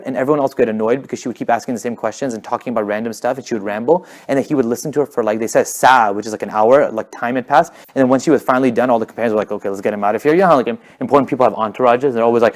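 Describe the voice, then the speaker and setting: Fast-talking man telling a story. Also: medium pitch. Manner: fast, animated storyteller with many fillers and restarts. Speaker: speaker at a community talk. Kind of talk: casual religious storytelling.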